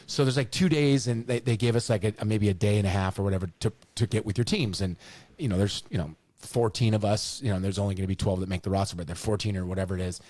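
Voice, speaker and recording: Middle-aged male podcast co-host, low voice, casual storyteller with a loose mouth. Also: quick pace, no echo. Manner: animated, repeats words, swears casually.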